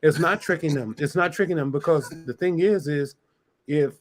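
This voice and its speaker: This man's voice sits on the high side, and he talks at an ordinary speed. Sitting on a dating-show review panel, he makes his argument in loose, casual debate, going on at length with frequent restarts.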